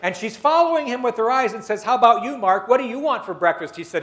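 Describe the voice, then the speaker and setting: A man's voice: very high-pitched, expressive, fast talker, a bit bright, a little hiss or hum. A man giving a storytelling business talk at a dinner meeting, acting out the dialogue of the people in his stories. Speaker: keynote speaker.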